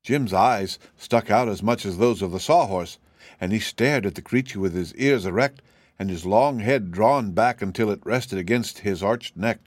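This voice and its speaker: A man reading a children's storybook aloud in steady, measured narration. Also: fairly low pitch, no room sound. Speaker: audiobook reader. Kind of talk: scripted narration.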